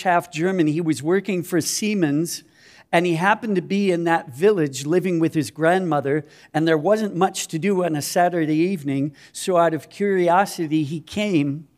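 A man's voice: on the high side, darkish tone. Earnest middle-aged man telling a story. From Minnesota, USA. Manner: earnest storytelling, self-deprecating. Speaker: missionary speaker. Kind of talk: personal testimony talk.

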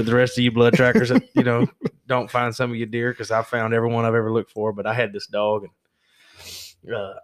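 A man's voice: lowish voice, no room sound, clean studio sound. A man hosting a podcast, telling a joking, laid-back story about his dog. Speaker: podcast host. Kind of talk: casual storytelling.

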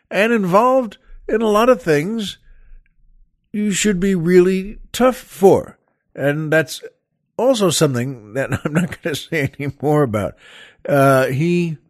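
A man hosting his own comedy show, telling a long, meandering story in a halting way, with plenty of "uh"s and chuckled asides. His voice sits a little high and sounds close and dry, with no room around it. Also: dry recording. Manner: halting, full of fillers and restarts, chuckling asides. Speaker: comedian host. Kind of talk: rambling comic storytelling monologue.

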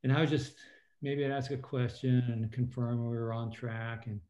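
A middle-aged man, a former submarine captain and now an author, telling stories as a guest in an interview and quoting people in lively voices. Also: medium pitch, moderate pace. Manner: animated storyteller, quotes people in lively voices. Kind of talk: conversational interview storytelling. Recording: roomy, slightly dull sound.

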